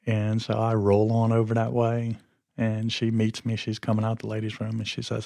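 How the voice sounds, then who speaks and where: A man's voice: on the low side, little pitch movement, moderate pace, creaky, dark tone, no room sound, studio quality. A man hosting his podcast, telling a story in a rambling, conversational way. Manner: rambling and conversational, often losing his train of thought. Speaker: podcast host. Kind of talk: casual storytelling monologue.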